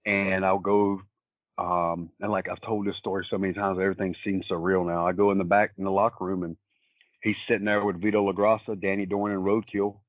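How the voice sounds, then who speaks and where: Low-pitched male interview guest, rambling storyteller, tinny phone-line sound. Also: level tone, brisk, no room sound. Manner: rambling, plain-spoken storyteller. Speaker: wrestler guest. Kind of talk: casual anecdotal storytelling.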